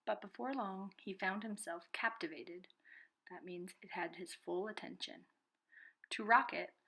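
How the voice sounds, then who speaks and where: A preschool teacher reading a storybook aloud to children and clearly explaining new words. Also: female voice, medium pitch, fairly bright tone. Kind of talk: storybook read-aloud lesson.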